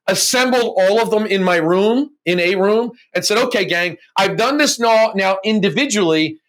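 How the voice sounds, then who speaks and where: A middle-aged man, a mortgage broker and coach, telling his story as an interview guest and acting out the voices of people he quotes. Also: high voice. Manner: animated, acts out quoted voices with laughs.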